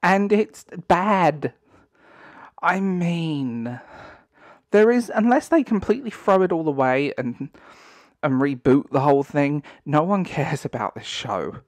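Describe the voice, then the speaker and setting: A man's voice: fairly high pitch, animated, moderate pace, a little mellow, no echo. A man giving ranting online commentary, sarcastic and exasperated, breaking into disbelieving laughter.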